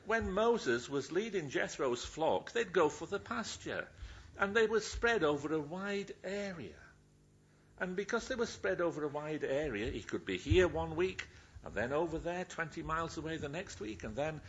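Older minister telling stories. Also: male voice, a little high, fairly bright tone, husky. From Yorkshire, England. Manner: chatty, rambling, self-interrupting, laughing at his own stories. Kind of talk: anecdotal sermon. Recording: dull lo-fi recording.

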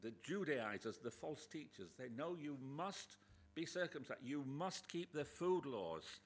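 A man preaching a sermon in a church, chatty with joking asides, bursting into loud emphatic quotes. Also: a little high, very animated, measured pace. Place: church with a pulpit, indoors.

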